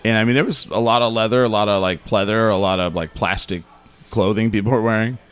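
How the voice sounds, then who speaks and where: Low-voiced man telling bar stories. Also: quick pace, clean tone. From Albuquerque, New Mexico. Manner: animated storyteller acting out quotes, many fillers. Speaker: podcast guest. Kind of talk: casual storytelling chat.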